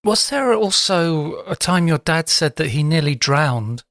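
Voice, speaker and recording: A podcast host asking calm, inquisitive interview questions. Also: mid-range voice, measured pace, dry recording, studio quality.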